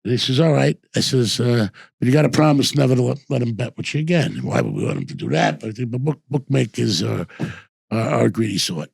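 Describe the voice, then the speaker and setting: Gravelly older New storyteller man. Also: medium pitch, wildly swooping pitch, fast talker, darkish tone. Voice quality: gravelly, husky. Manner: rambling anecdotes with repeated "I says" and restarts. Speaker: host and former bookmaker. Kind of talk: casual storytelling.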